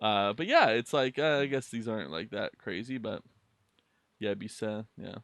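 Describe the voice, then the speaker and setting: A man chatting as a podcast co-host, his pitch bouncing all over and his tone bright and forceful. He is playful and swears freely, and the recording is dry and close. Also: expressive, normal speed, dry recording. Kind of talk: casual chat.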